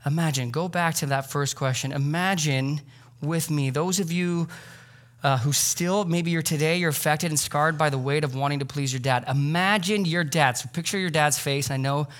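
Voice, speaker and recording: A man in his thirties preaches a sermon in a church, speaking casually and conversationally, with plenty of filler words. His voice sits a little high for a man. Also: moderate pace, a bit bright. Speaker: pastor. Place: church sanctuary.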